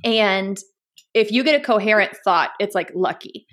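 A woman in a casual podcast chat, telling a personal story with lots of "like" and quick asides. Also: mid-range voice, a bit bright.

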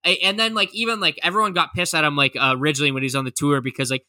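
A man's voice: on the high side, fairly even intonation, rapid-fire, bright, forceful tone. A man co-hosting a casual podcast, talking animatedly, swearing and laughing as he mocks others. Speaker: podcast co-host. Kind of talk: casual chat.

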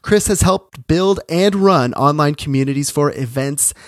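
Upbeat podcast host, man, rather high voice. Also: a little slow, no room sound, clean studio sound. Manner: upbeat, hyped-up, salesman-like delivery. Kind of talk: energetic podcast interview.

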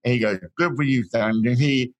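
A man of middle pitch tells stories from his childhood as an interview guest. He talks in a casual way, in halting bursts, restarting his sentences and repeating words as he goes. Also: dull audio. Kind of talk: casual storytelling.

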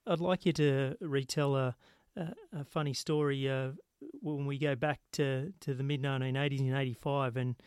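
A man hosting a relaxed interview, his voice smooth and resonant at a middling pitch. He stumbles over words as he builds questions, recorded dry and close. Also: no room sound. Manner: halting, repeats words while framing questions. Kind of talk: casual interview.

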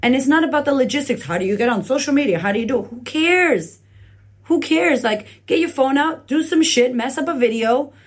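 A woman's voice: high-pitched, quick pace, hardly any pauses. Woman, podcast host, blunt motivational talk, lots of swearing, phone recording. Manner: blunt, profane, urgent pep talk. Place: indoors. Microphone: phone camera leaning on a laptop.

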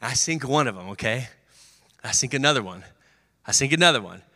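A man's voice: medium pitch, lively intonation, a little fast, bright, forceful tone. A young man preaching a sermon, telling sports stories with energy and acting out the voices of teammates and his coach. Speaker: pastor. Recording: long hall reverb.

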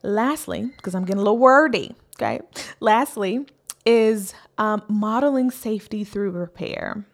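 A woman's voice: mid-range voice, expressive, a little slow. A woman in her thirties giving an earnest, encouraging faith-based parenting talk as a coach, repeating key lines for emphasis.

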